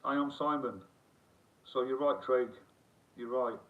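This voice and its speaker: A man's voice: mid-range voice, fairly even intonation, a little slow. A middle-aged man, rambling and swearing freely as he chats and reads comments on a live stream. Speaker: livestream host. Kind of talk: casual live-stream chat. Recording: tinny phone-like sound, distant from the mic.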